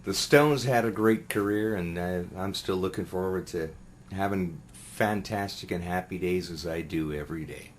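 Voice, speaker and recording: Middle-aged musician guest, low voice, loose and rambling, faint background hiss. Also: male voice, moderate pace. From Canada. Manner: rambling, many fillers and restarts. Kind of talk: casual interview chat.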